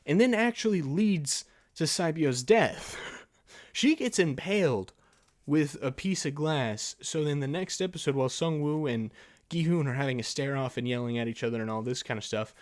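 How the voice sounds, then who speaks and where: A man's voice: on the high side, expressive, moderate pace. A man hosting a solo film and TV review podcast, talking casually and ranting in exasperation, with laughs between points. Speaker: podcast host.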